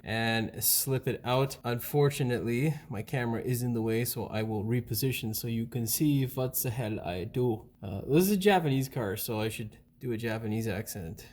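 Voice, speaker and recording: A man hosting a hands-on car repair tutorial, talking in a casual, blunt and mildly profane way, recorded on a camera mic in a garage workshop. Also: medium pitch. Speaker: mechanic and channel host.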